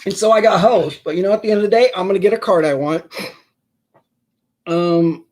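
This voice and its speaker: A man hosts a casual sports card live stream, chatting at length in a fairly high voice. He rambles through his points, pokes fun at himself and calls out viewers in the chat by name. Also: brisk, a little mellow.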